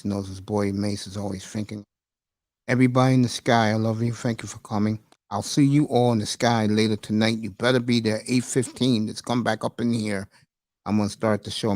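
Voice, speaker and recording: A man's voice: lowish voice, a little mellow, no room sound, studio quality. A man hosting a casual live stream, rambling and emotional, calling his listeners bro and folks. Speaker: livestream host. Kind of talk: casual livestream chat.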